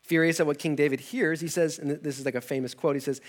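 A man's voice: fairly high pitch, steady tone, fast, hardly any pauses. A young adult man preaching, retelling a scripture story casually with slang, laughs and acted-out character lines.

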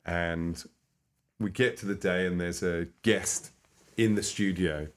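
A man's voice: sits low, fairly even intonation, slow. A British man, a comedian guest, telling stories in casual interview chat. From Britain. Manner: storytelling with quoted voices.

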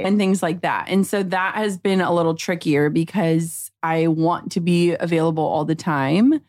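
A woman's voice: lowish voice, steady tone, normal speed, few pauses, darkish tone, dry recording, studio quality. A young woman, a podcast host and mother, talking casually with lots of "like" and quoted asides, and also reading sponsor spots. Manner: chatty, with many likes and quoted asides. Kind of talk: casual conversation and ad read.

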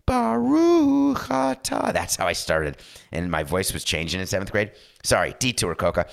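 Animated sarcastic male sports talk host. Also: low-pitched, brisk. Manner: animated, sarcastic, slips into mock voices. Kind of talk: opinionated sports talk monologue.

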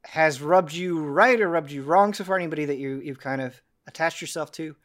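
Host, male, a touch higher pitch, easygoing and filler-heavy. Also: a little fast, fairly bright tone. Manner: thoughtful, filler-heavy musing. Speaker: podcast host. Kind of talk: casual podcast chat.

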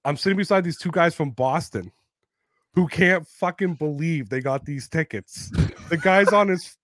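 A man in his thirties telling sports stories in a casual podcast chat, animated and heavy on swearing. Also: on the high side, moderate pace, no echo. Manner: profane, animated storyteller. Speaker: podcast co-host.

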